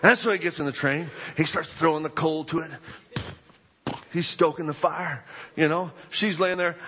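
A man preaching a sermon, telling a story in an animated way with bursts of shouting. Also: on the high side, moderate pace, noisy background. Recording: echoey hall, dull lo-fi sound.

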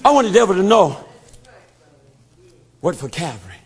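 A man preaching a sermon with emphatic call-and-response, often shouting and then dropping low. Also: sing-song, moderate pace, husky.

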